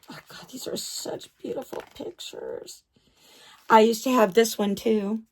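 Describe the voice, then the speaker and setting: A woman's voice: mid-range voice, darkish tone. A woman vlogging in a casual chat about her doll collection, gushing, repeating herself and stumbling over names.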